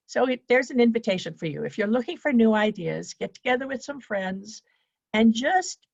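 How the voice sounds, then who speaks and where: A woman's voice: mid-range voice, creaky, no echo. Woman, presentation coach, straightforward, practical, dry close sound, slightly dull call audio. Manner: straightforward and practical, teaching in lists. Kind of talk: speaking to an online event.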